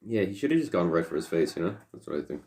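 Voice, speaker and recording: A man with a low voice banters quickly on a podcast, his pitch leaping around as he teases his co-host. He is blunt, wry and swears casually. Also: very animated, darkish tone. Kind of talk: casual wrestling chat.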